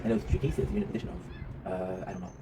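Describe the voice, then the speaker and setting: Rapid-talking man, rambling vlog monologue. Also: sits low, very animated. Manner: rambling, reflective, swears freely, often tags "right?". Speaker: vlog host. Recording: noisy ambient background.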